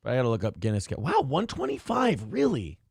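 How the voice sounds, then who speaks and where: A man's voice: medium pitch, huge pitch swings, fast, creaky, husky, dry recording, studio quality. A man co-hosting a talk show, chatting casually and profanely with sarcastic, mocking asides. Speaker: morning show co-host.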